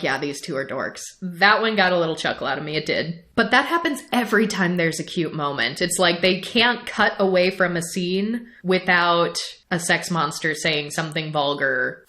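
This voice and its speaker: A young woman co-hosting a podcast, recapping a show in a casual, animated way, laughing often and restarting her sentences. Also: fairly low pitch. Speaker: podcast co-host.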